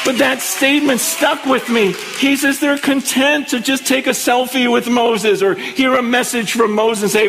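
A man preaching a sermon in an excitable, conversational storytelling way. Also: extremely high pitch, moderate pace, few pauses, big-room sound. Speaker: pastor.

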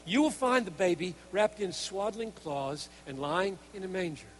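A man preaching a sermon in an earnest, emphatic way, moving between hushed stretches and forceful ones. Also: sits high, normal speed, slight background noise. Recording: hall reverb.

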